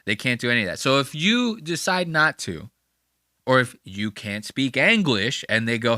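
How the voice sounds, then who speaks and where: Male podcast host, bright mocking commentary, lively pitch, dry close sound. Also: normal speed, no room sound. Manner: animated, profane and mocking. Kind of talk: casual commentary on a clip.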